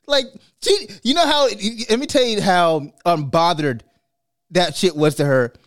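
A man co-hosting a casual chat, animated, swearing freely and laughing often as he talks. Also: high voice, a little slow, no room sound, studio quality. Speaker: podcast co-host.

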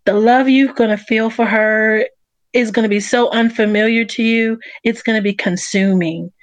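A woman's voice: mid-range voice, no echo. A woman co-hosting a podcast, talking earnestly and encouragingly to a guest. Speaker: podcast co-host. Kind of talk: heartfelt casual chat.

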